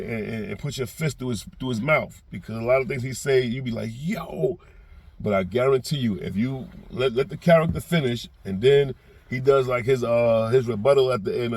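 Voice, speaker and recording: Gravelly, husky New York man. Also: medium pitch. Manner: rambling, with repeated restarts; gets loud and heated when acting out quotes. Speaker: reaction vlogger. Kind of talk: casual commentary monologue.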